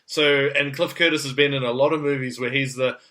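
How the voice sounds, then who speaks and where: A man with a New Zealand accent hosting a podcast, chatting casually in an animated, jokey, slangy way. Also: mid-range voice, brisk. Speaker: podcast host.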